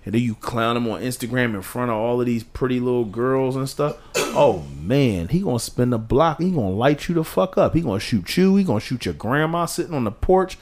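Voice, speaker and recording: This podcast co-host is animated and talks a little fast over some background noise. Passionate in casual conversation, he climbs in pitch for emphasis and sinks low whenever he quotes someone.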